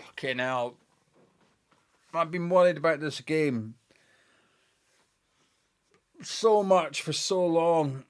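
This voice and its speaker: A young man, talking fast and excitedly as he commentates live on a football match for viewers. He chats informally, thanks viewers by name and reacts to the play. His voice sits a little high for a man. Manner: excitable, chatty, reads out viewer messages. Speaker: fan channel host.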